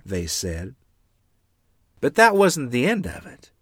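Lively male storyteller. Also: medium pitch, slow pace, pauses often, dry recording, studio quality. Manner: lively, animated reading with character voices. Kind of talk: storytelling narration.

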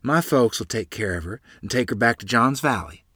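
A fretful country mother with a raised, pleading tone, as a male narrator puts her on. The voice climbs well above a man's usual register and stays lively and bright. It sounds close and dry, with no room around it. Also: medium pitch, brisk, husky, no echo. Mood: relieved. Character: worried rural mother, middle-aged woman.

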